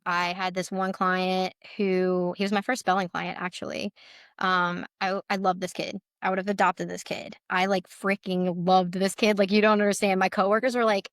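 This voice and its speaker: A woman's voice: medium pitch, fairly even intonation, moderate pace, a bit bright, dry recording, studio quality. A woman guest speaking earnestly and emotionally in a casual interview, often saying "like". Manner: earnest, emotional, heavy use of "like". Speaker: guest, letter board practitioner.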